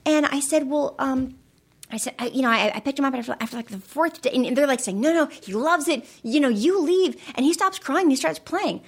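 A woman's voice: high-pitched, brisk. A woman guest on a podcast, an actress and author, chatting casually and acting out the voices in her stories. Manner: animated, acts out voices in anecdotes. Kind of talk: casual storytelling chat.

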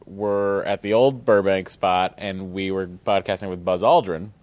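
A man's voice: low-pitched, fairly even intonation, a little slow, a little mellow. A man co-hosting a podcast, telling stories in a casual, jokey way and swearing freely. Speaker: podcast co-host.

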